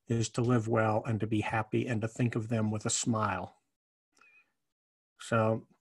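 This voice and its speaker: Man, doctor guest, mid pitch, calm and reassuring advice, video call. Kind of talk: heartfelt advice to a support group.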